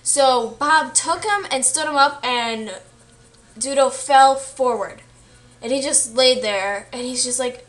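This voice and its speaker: A woman's voice: sits high, slow pace, a bit bright. A young woman casually retelling a story she read, chatty and full of fillers, acting out the quoted lines. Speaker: student vlogger.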